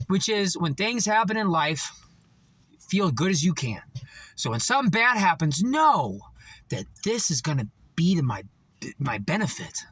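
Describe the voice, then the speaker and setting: High, lively man ranting with profanity. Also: slightly rough. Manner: rambling and profane, with frequent fillers; animated storytelling. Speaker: motivational vlogger. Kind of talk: casual motivational monologue.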